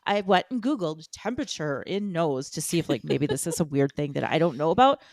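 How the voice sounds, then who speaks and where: An American woman co-hosting a fan podcast, telling stories in an animated, laughing casual chat. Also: low voice, a little fast, no echo. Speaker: podcast co-host.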